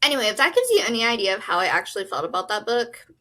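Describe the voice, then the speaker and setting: A young woman chatting casually to camera as a book vlogger, bubbly and excitable, full of "like" and "um". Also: medium pitch, rapid-fire, poor audio.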